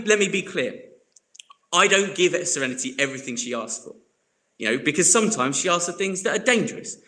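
A young adult man, preaching a sermon in an earnest way that swings between soft reflection and emphatic bursts. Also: sits high. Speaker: pastor.

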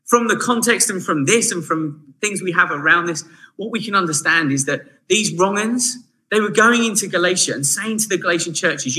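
Guy giving a sermon, fairly high voice, lively and conversational, lots of asides. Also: moderate pace, rough recording. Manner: chatty, animated, with frequent asides to listeners. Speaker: preacher.

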